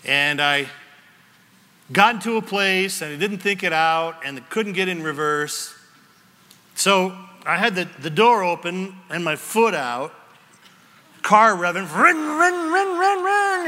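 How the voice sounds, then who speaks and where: A man preaching a sermon as pastor, telling stories with sudden shouts and hushed whispers. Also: high voice, measured pace. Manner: animated storytelling, shifting from shouts to whispers. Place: church sanctuary. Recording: long reverb of a large hall.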